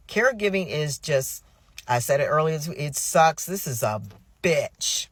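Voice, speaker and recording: A middle-aged woman caregiver venting in an exasperated, rushed way, often restarting her sentences. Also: low-pitched, animated, a bit bright, no echo. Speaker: family caregiver. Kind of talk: emotional personal venting.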